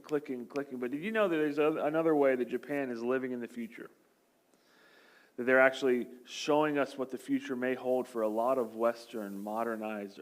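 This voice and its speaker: A male pastor giving a sermon in a church, at an ordinary middle pitch. He talks loosely and conversationally, with jokes, and acts out the voices of the people he quotes. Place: church sanctuary.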